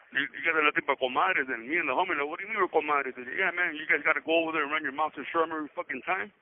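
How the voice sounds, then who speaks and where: A man rattles off a rambling prison story in crude street slang, his voice pitched a little high. He talks quickly and loops back over the same points. The sound is thin and tinny, like a prison phone line. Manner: profane street slang, fast and repetitive. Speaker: prison inmate on a phone call.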